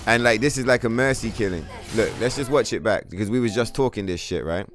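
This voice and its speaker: A man's voice: on the low side, fast, soft background music. A man streaming a video game live, commenting on the action as he plays, swearing freely and trash-talking the enemy on screen. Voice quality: profane, trash-talking, excitable.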